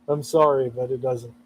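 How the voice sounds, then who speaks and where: A man from California, hoarse from allergies, chatting casually and laughing often on a live stream. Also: medium pitch, steady tone, slow pace, a little hiss or hum.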